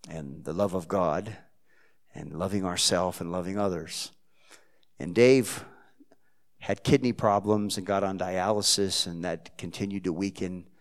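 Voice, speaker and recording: A man from Texas, a pastor preaching a sermon, telling a story in a heartfelt way that swings from quiet to loud. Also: low-pitched.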